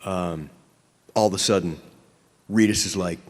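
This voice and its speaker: A man's voice: sits low, measured pace, long reverb tail. A man on a convention panel stage, telling a comic story full of swearing and stammered restarts. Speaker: actor on a fan convention panel.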